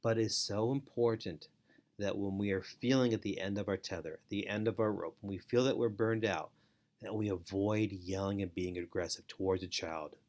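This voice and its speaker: This foster parent and parenting educator, a middle-aged man, speaks at normal speed in a low-ish, steady, darkish voice. Teaching parents earnestly, he repeats important phrases to drive them home.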